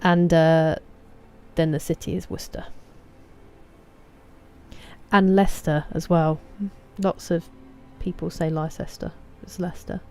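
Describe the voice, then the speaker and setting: Her deep, darkish voice is smooth and flat, moving at a slow pace with long pauses, while faint music plays behind. She's a young woman from England, English-accented, chatting casually with her live chat as she streams a game and greets viewers by name.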